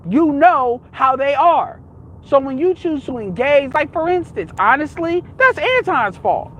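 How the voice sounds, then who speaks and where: A man's voice: very high voice, sing-song, a little slow, a bit bright, highs cut off, a little hiss or hum. A young man ranting in a casual, heated, rambling monologue, swearing often.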